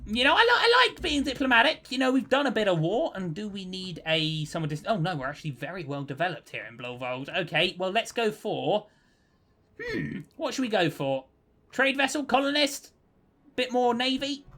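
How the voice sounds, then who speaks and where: A man's voice: high voice, expressive, moderate pace, a bit bright. A man giving cheerful, chatty commentary over his own strategy gameplay, thinking aloud as he plays. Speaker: let's play host.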